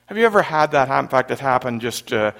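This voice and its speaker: A middle-aged man from Canada preaching a sermon, an animated storyteller who acts out panicked scenes loudly. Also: medium pitch, fast talker, gravelly. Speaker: pastor.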